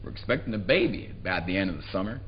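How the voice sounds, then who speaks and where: An actor voicing a blunt, sly country man from the Deep South, who drawls his story in a low register with earthy relish. It comes across as a dull, muffled live theatre recording. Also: animated, very fast, a little hiss or hum. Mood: gleeful. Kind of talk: live dramatic reading. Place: theatre stage before a live audience.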